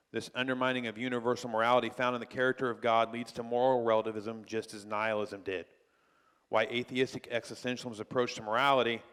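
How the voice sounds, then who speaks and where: A man's voice: medium pitch, fairly bright tone. Male pastor, conversational lesson, rhetorical questions, long hall reverb. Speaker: pastor teaching a class. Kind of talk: church class lesson. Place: church hall.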